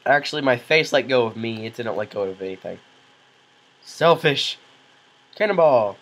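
A man doing goofy, excitable let's play commentary, yelling reactions and cracking self-mocking jokes. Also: medium pitch, normal speed, poor audio. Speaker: gaming commentator.

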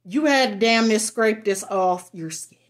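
A beauty and lifestyle vlogger chats casually through product reviews in an unhurried, mid-range voice. She is blunt and frank, cusses freely, and laughs often.

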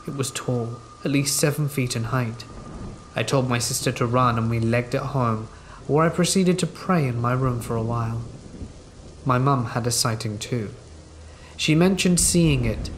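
Guy narrating scary stories, calm steady voice, light rain hiss behind. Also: mid-range voice, moderate pace. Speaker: horror story narrator. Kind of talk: scripted narration. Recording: faint rain noise behind voice. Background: rain and thunder ambience.

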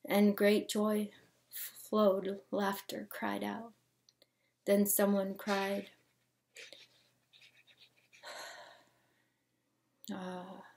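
A woman's voice: mid-range voice, completely flat delivery, slow pace, vocal fry, long pauses, darkish tone. A woman performing dramatic spoken-word poetry, theatrical and often dropping into whispers.

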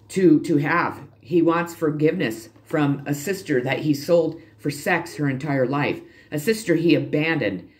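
A man with a slightly high voice delivers a spiritual tarot reading straight to his viewers. He preaches bluntly, swears freely, and hammers his points home by repeating them. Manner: emphatic and repetitive, addresses viewers directly. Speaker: tarot reader and channel host.

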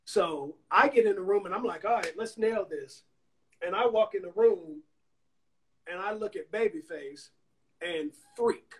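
A man's voice: high voice, unhurried. A man from Alabama, a songwriter and producer, telling stories in a casual interview over a phone livestream and acting out the voices of the people he quotes. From Anniston, Alabama, US. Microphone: Instagram Live phone call.

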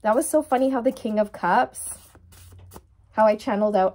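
A chatty woman reads tarot cards straight to her viewers in a relaxed, casual way. Her voice sits at an ordinary middle pitch, and she keeps slipping into giggles between thoughts. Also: moderate pace. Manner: giggly, bursts into laughter; chatty, addresses viewers directly. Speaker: tarot reader. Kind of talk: casual tarot reading to camera.

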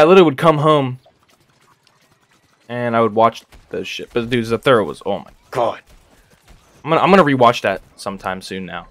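Casual live gameplay chat from a young man with a mid-range, fairly bright voice, recorded with no echo. He wanders from topic to topic, drops slang, laughs frequently, and can't stop saying "bro."

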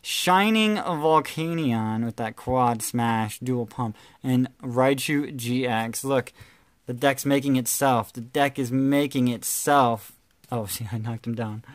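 A man doing casual, playful commentary while opening trading card packs, excitedly calling out cards and teasing his viewers. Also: medium pitch, no room sound. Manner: excitable, calls out card names with bursts of energy.

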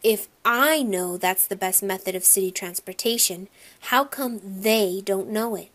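Brief: female narrator, children's audiobook, lively first-person read. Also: medium pitch, a little slow. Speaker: audiobook reader.

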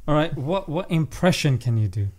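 A man's voice: a little high, expressive, moderate pace, darkish tone. A man hosting an interview, asking playful questions in a jokey, teasing way. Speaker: host.

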